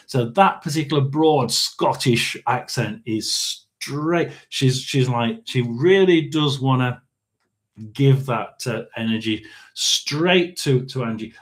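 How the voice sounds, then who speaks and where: A middle-aged man reads tarot cards in a casual session. He talks slowly at a mid pitch. He rambles and halts, with plenty of ums and throat clearing between thoughts. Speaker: tarot and spirit box reader. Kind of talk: casual livestream reading.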